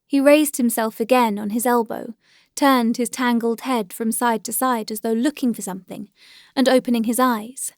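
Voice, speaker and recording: A woman narrating a classic novel as an audiobook, in a measured, gentle storytelling manner. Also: a little high, steady tone, no echo, studio quality.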